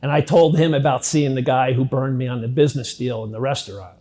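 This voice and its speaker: Middle-aged man, interview subject. Blunt, profane first-person storytelling at an average pitch, swinging between hushed and heated. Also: fairly even intonation, fast. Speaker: interviewee recounting his past.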